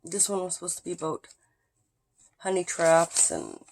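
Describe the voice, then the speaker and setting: A vlogger talking casually into a handheld phone at home, with halting, drifting speech that often drops to a whisper. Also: medium pitch, wildly swooping pitch, gravelly, a little hiss or hum. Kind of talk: casual self-recorded vlog.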